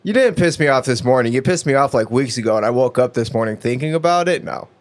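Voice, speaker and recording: A man's voice: mid-range voice, lively intonation, quick pace. Male co-host from San Diego, casual chat, rambling delivery with lots of fillers. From San Diego, United States. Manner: rambling, hesitant storyteller with many fillers. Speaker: podcast co-host.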